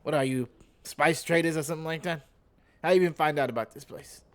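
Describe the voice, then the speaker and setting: A man's voice: fairly high pitch, fast, close to an everyday voice. A man voicing a suspicious, threatening male club bouncer in a tabletop game.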